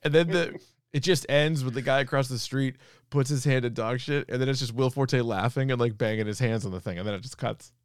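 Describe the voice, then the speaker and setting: A podcast co-host with a clear, resonant, mid-range voice talks a little fast in a dry, studio-quality recording. Chatting casually, he retells comedy sketches, laughs often, and acts out quoted lines in a raised voice.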